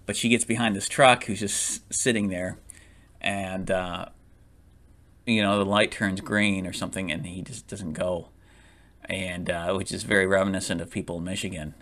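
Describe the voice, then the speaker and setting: A man's voice: deep voice, fairly even intonation, moderate pace, a bit bright. A man casually reviewing a movie, rambling with lots of fillers, restarts and frequent laughs.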